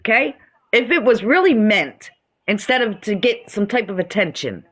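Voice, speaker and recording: A woman's voice: medium pitch, big pitch swings, normal speed, fairly bright tone. A woman guest on a livestream, speaking heatedly and repeating her points. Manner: heated, repetitive, emphatic. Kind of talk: casual livestream chat.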